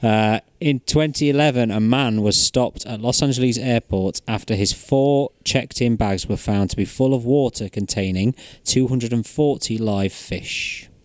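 A man's voice: mid-range voice, moderate pace, hardly any pauses, darkish tone, no room sound. A man hosting casual chat, reading out odd facts, jokey and laughing often. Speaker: host.

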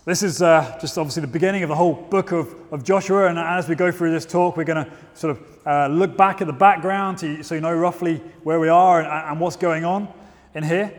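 A man's voice: on the high side, steady tone, fairly quick. A man preaching a sermon and reading scripture aloud at a church service, informal and self-deprecating with asides and restarts. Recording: long reverb of a church hall.

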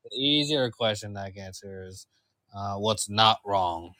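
A young man co-hosting a podcast, speaking in a measured, hesitant way, chuckling and rephrasing as he goes. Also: on the low side, sharp tone, dry recording. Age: young adult. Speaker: podcast co-host. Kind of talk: casual podcast talk.

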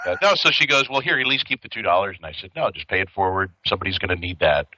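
A man co-hosting a podcast, telling stories in casual chat, animated, swearing a lot and laughing often. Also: sits low, rapid-fire, muffled recording, very noisy. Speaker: podcast co-host.

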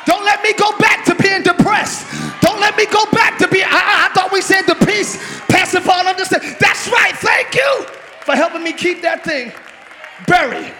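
A male pastor preaching a sermon in a large church hall, shouting and calling on the congregation to respond. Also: extremely high pitch, normal speed, soft background music. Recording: live church hall with long reverb, crowd noise.

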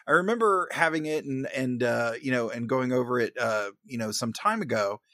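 A man's voice: mid-range voice, moderate pace, sharp tone, no room sound, studio quality. A man co-hosting a casual film podcast, hesitant and self-deprecating. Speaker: podcast co-host.

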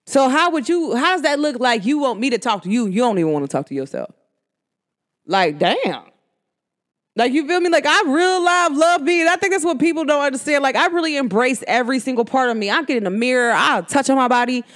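Podcast host, woman, New York–New Jersey accent, casual and emphatic, slangy monologue with wide pitch swings. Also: expressive, fairly quick, a bit bright.

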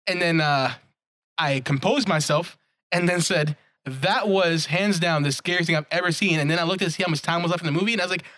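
A young man co-hosting a podcast, telling stories in an animated, casual way and swearing freely. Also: fairly high pitch, brisk, dry recording, studio quality. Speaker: podcast co-host. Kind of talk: casual chat.

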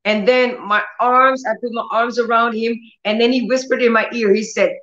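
A woman's voice: a little high, fairly even intonation, normal speed, fairly bright tone. Woman, livestream healing preacher, bold commanding prayers, echoey room. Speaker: healing ministry host. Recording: roomy, dull lo-fi stream audio.

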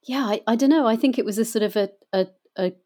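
A woman's voice: fairly high pitch, quick pace, dark tone. Chatty middle-aged woman actor. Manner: chatty, anecdotal, with many fillers. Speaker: guest, voice actor and audiobook reader. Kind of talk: casual interview chat.

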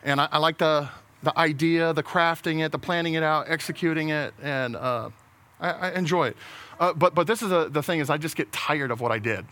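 A man's voice: fairly high pitch, fairly quick, sharp tone. A man preaching a sermon in a casual, conversational way, often restarting his words and laughing at his own jokes. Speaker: pastor.

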